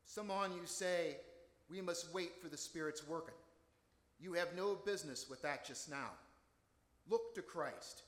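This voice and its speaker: A man's voice: a little high, sing-song, takes it slowly, long pauses, fairly bright tone, exaggerated voice. A man voicing an unschooled older country deacon who preaches fervently with rustic dialect and emphatic repetition. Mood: earnest pleading. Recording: echoey hall with long reverb.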